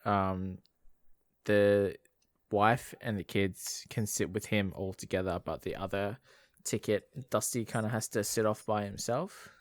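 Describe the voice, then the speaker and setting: A man's voice: on the low side, fairly even intonation, unhurried, no echo. A man with an Australian accent co-hosting a podcast, recapping a movie in a rambling way with lots of fillers. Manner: rambling with fillers, uses "bloody" a lot. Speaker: podcast co-host. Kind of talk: casual movie recap chat.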